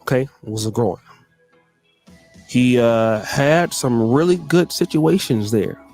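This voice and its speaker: A man's voice: mid-range voice, measured pace, darkish tone, faint music behind. A man giving emphatic commentary, repeating phrases for effect. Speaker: guest commentator. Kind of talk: animated commentary.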